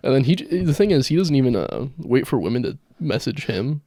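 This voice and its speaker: Man, podcast co-host, middle pitch, laughs often, dry studio mic. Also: big pitch swings, a little fast, warm tone, no room sound. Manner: laughs often, reads messages aloud in mocking voices. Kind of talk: casual comedic chat.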